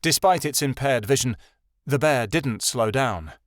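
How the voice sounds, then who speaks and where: A man narrating a fantasy audiobook in an expressive storytelling style. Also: mid-range voice, unhurried, dry recording, studio quality. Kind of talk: scripted narration.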